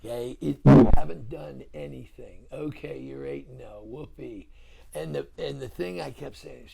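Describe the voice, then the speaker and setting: Middle-aged male coach, very gravelly tone, animated restarts, crowd noise behind. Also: mid-range voice, normal speed, low-quality recording. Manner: animated storyteller, frequent restarts. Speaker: head football coach. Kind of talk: casual chat.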